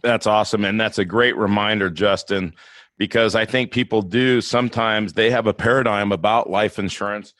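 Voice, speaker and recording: A man with a fairly low voice hosts a casual podcast chat, earnest and enthusiastic as he talks to his guests. The recording is dry and close, with no room sound. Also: fairly even intonation, moderate pace, a bit bright, no echo. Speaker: podcast host.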